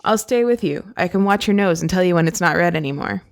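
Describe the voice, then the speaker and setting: A woman reading the lines of a gentle, kind young girl from a book, voicing her lightly. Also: fairly low pitch, expressive, fast talker, creaky. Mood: tender.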